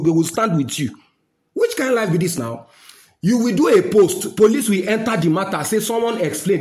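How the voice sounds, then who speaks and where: A man's voice: high voice, a little mellow, roomy sound. Fiery Nigerian man ranting. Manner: fiery, scolding, mixes in Pidgin. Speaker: social commentator. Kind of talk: impassioned rant to camera.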